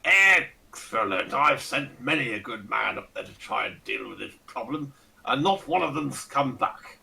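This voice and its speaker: A man's voice: medium pitch, wildly swooping pitch, unhurried, gravelly, bright, forceful tone, recorded from a distance, a little hiss or hum, heavily acted. A man doing a pompous, flustered old lord. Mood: indignant. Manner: flustered, fussy and apologetic, sudden swearing. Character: pompous fat old male lord with monocle.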